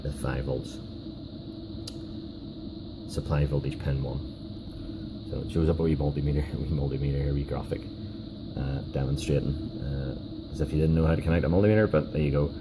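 A man giving a casual hands-on workshop demonstration, talking in a halting way with many fillers and restarts. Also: a bass voice, background noise. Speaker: DIY car repair video host.

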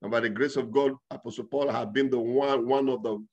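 A man preaching as a pastor, excitable, breaking into loud tongues and laughter. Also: mid-range voice, brisk, lo-fi sound. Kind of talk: sermon with speaking in tongues.

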